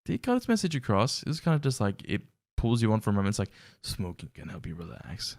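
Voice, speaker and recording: A man's voice: mid-range voice, big pitch swings, racing, darkish tone, dry recording, clean studio sound. A man hosting a casual reaction commentary, wry and incredulous, laughing often. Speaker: reaction video host.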